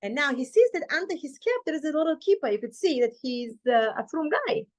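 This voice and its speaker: A woman teaching a Torah class, retelling a story with lively acted-out dialogue. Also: high voice, fairly quick. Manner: animated retelling, acting out quoted dialogue.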